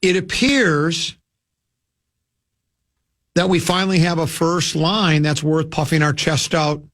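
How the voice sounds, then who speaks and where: A male sports radio host in casual banter, playful and theatrical, often slipping into quick put-on voices. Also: a little high, fairly even intonation, a bit bright.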